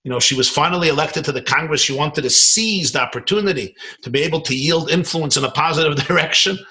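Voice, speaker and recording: A man from Brooklyn, a rabbi, telling a story in an animated, emphatic lecture over a video call. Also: a little high, fast talker, poor audio. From Brooklyn, New York, US. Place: home in a suburban area, on a video call. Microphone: video call computer mic.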